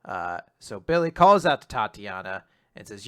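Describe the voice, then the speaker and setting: A man's voice: lowish voice, moderate pace, few pauses, clear, resonant tone, no room sound, clean studio sound. A man co-hosting a casual podcast, recapping manga chapters and acting out lines from them. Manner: animated, swearing, acts out dialogue in voices.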